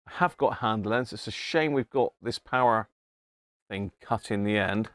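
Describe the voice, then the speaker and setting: With a fairly low pitch and a fairly bright tone, this man speaks at a moderate pace, and there's no room sound. Hosting a laid-back livestream from his home workshop, the southern English radio restorer chuckles often and answers viewers by name while examining vintage radios at his workbench.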